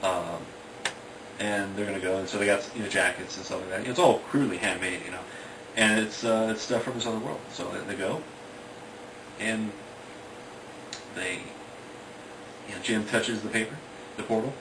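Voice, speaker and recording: A man's voice: lowish voice, normal speed, long pauses. A man casually retelling a story in a rambling way, full of fillers like "you know" and "like". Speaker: author retelling his book. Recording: distant, echoey and noisy.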